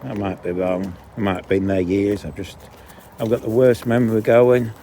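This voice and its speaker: A man's voice: lowish voice, fairly even intonation, normal speed, warm tone, slight background noise. A man chatting and grumbling as he walks dogs along a canal path outdoors, often breaking off mid-sentence. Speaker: vlogger. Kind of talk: casual walking vlog monologue.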